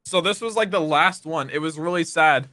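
A man's voice: fairly high pitch, moderate pace, pushed and bright. A young man chatting casually on a stream, rambling goofily and addressing his chat. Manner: talks straight to chat, rambling and goofy.

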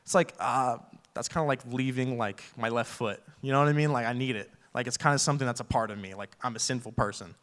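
A man's voice: medium pitch, fast talker, fairly bright tone. A young man preaching a casual sermon full of fillers, acting out little quoted voices as he talks.

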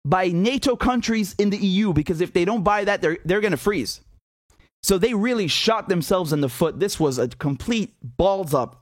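A man's voice: high voice, no echo, studio quality. A man giving a blunt, mocking political monologue, laughing often and swearing. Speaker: political commentator. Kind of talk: casual opinion monologue.

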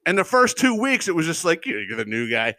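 There's no room sound as a middle-aged man, speaking fast with a fairly high voice, hosts his podcast. His casual rant is comedic and heavy on profanity, punctuated by frequent laughs as he animatedly spins stories.

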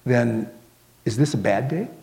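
A small, gentle little girl chatters innocently in a high, piping voice, as a male preacher puts her on. Her words ring out into a long hall reverb. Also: measured pace, vocal fry. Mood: quiet, curious.

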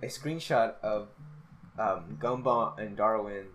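A young man co-hosting a podcast, telling high school stories in a rambling way with many fillers. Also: slow pace, a bit bright, faint music behind. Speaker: podcast co-host. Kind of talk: casual chat.

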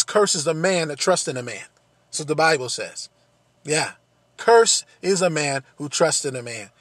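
A man delivers an earnest sermon in a fairly high, husky voice. He repeats his phrases and builds to emphatic peaks. The sound is dry and close. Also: fairly bright tone, no room sound. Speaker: preacher.

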